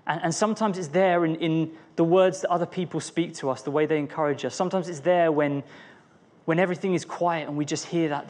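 A man's voice: fairly high pitch, a little mellow. A young man giving an earnest, personal devotional talk, often restarting his phrases. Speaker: preacher.

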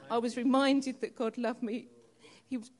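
Higher-voiced woman sharing testimony. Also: steady tone, normal speed, darkish tone. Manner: conversational and reflective, addresses the crowd directly. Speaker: church member giving testimony. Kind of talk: personal testimony to a congregation.

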